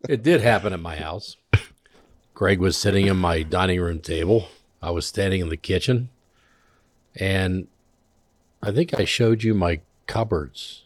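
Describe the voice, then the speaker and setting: A man's voice: low-pitched, a little slow, pauses often, dry recording. A man who is a county coroner, joking in a dry, mock-serious way during casual podcast chat.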